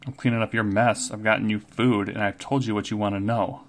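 A man's voice: lowish voice, little pitch movement, fairly quick, lightly acted. A man voicing a prickly, proud female barmaid who scolds a rude guest. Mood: sassy. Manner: scolding, demands manners.

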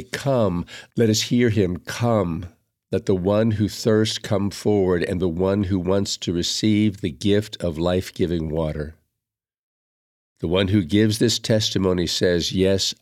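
A man reading the opening prayer and scripture readings of a Mass in a measured, solemn recitation. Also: sits low, a little mellow, dry recording, clean studio sound. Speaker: liturgical reader.

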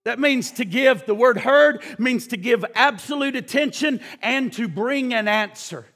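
Male preacher, passionate shouter, bright voice, long hall echo. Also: very high-pitched, measured pace. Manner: impassioned, swings between shouting and hushed. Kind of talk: sermon.

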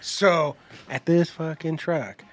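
A man in casual podcast chat, telling stories in a profane, animated way. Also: on the high side, slow, no echo.

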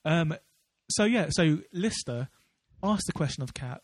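Rambling podcast co-host, a man with a voice pitched a little high. He chats casually, stumbling through fillers and restarts, recorded dry and close with no room sound. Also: expressive, a little slow, no echo. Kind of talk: casual chat.

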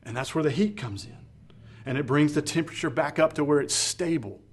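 A man's voice: a little high, a little fast, breathy edge. A middle-aged man preaching a sermon, earnest and conversational, often restarting his phrases. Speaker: pastor.

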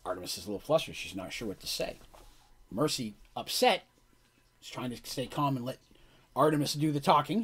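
A man narrating a tabletop game as game master in a casual, animated descriptive way. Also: medium pitch, slightly rough.

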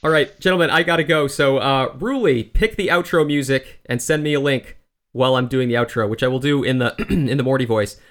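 A man hosting a casual podcast, brisk and profane, steering his co-hosts along. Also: mid-range voice, fairly bright tone. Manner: brisk, profane and directing the others. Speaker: podcast host. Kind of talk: casual chat.

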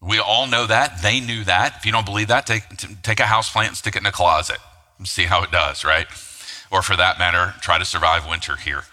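A man with a lowish voice preaching a sermon with a hard, forceful edge. He talks casually, tossing in rhetorical asides and fillers as he goes. His voice rings with a long hall reverb. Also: steady tone, a little fast. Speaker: pastor.

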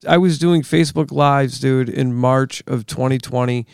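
A man ranting angrily as a podcast guest, swearing freely and climbing higher in pitch as he gets worked up. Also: steady tone, moderate pace, vocal fry, clean tone, dry recording, studio quality. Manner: angry, profane ranting that builds in pitch. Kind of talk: heated podcast conversation. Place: studio.

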